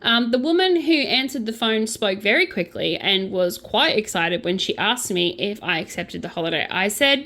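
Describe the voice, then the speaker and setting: Her voice is mid-range, creaky and fairly bright, very animated and at a normal pace. She's an Australian vlogger doing a relaxed true-crime chat about scams while crocheting, with jokey, playful asides and occasional mock accents.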